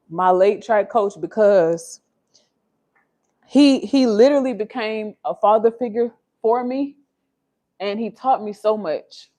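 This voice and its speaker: A woman's voice: mid-range voice, darkish tone. Heartfelt woman livestreaming from home. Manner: heartfelt, confessional, addresses viewers as y'all. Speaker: livestream host. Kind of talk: candid livestream storytelling. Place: her home.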